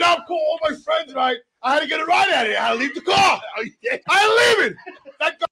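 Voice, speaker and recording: High-pitched ranting New man. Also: animated, fast talker. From New York City. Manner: loud, swearing, exasperated ranting. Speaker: podcast regular. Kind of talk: profane storytelling rant.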